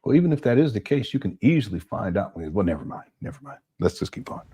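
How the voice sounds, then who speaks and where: Low husky man, dark tone, exasperated reaction commentary. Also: very animated, fast talker. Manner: exasperated, critical. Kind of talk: reaction commentary over clips.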